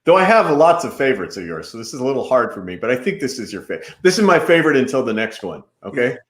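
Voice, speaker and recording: A man's voice: mid-range voice, big pitch swings, fast, fairly bright tone. A male interview host who asks questions with enthusiasm, in a chatty style, often restarting his sentences. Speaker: podcast host. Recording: echoey room sound.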